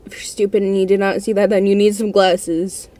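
A woman hosting a let's-play of a scary game from her room at home, her voice sitting at a middle pitch. She talks to herself in jittery, repetitive bursts. The commentary is nervous and unscripted throughout. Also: level tone, brisk, warm tone. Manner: jittery, nervous self-talk, repeats herself. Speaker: gaming channel host.

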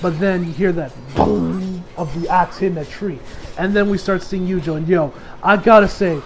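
Man, anime reviewer, high voice, excitable, swearing, faint background hum. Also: normal speed. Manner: excitable, swears freely, laughs often. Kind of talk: casual episode recap.

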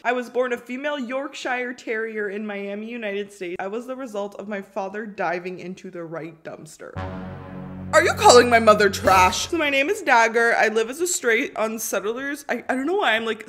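A young woman with a slightly high voice chats her way through a mobile game, reading the on-screen text aloud and breaking off for quick, giggly asides to her viewers. Soft music sits faintly underneath. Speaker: YouTuber playing a mobile life-sim game. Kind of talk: casual gaming commentary to viewers.

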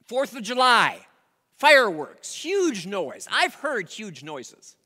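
A pastor preaching a sermon, telling a story with dramatic pauses and rising emphasis. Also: mid-range voice, very animated, sharp tone. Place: church sanctuary. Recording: long reverb of a large hall.

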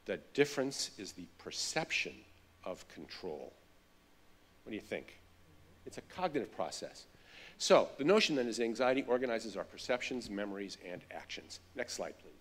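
A man's voice: fairly low pitch, moderate pace. A middle-aged man, a child psychologist, giving a keynote lecture and telling stories with animation. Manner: animated storytelling.

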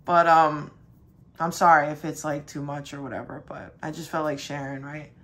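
Woman with a lowish voice, casual rambling storytelling, lots of fillers and swearing, young adult. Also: little pitch movement, normal speed, a bit bright. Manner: rambling, full of fillers and mild cursing; quotes her dad in a higher voice. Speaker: spiritual reader.

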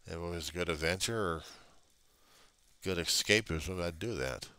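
Gruff deep-voiced man grumbling on webcam. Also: normal speed, bright, forceful tone, no echo. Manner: gruff, grumbling, swears freely. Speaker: vlogger. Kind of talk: rambling casual monologue.

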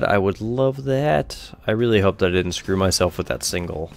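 A man's voice: sits low, moderate pace, creaky, dull audio. A young man giving rambling, offhand let's-play commentary over a video game, swearing casually. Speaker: gameplay commentator.

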